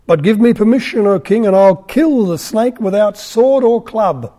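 A man reading the lines of a calm, wry young prophet, slow and deliberate. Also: high-pitched, voice pushed up. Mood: measured.

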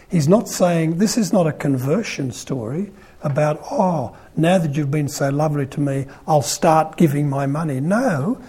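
Older aussie priest, husky voice, chatty jokey sermon, acts out the quotes, kinda mellow tone. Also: male voice, high-pitched. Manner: chatty and humorous, acts out quoted lines with rising emphasis. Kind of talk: informal sermon on the Gospel.

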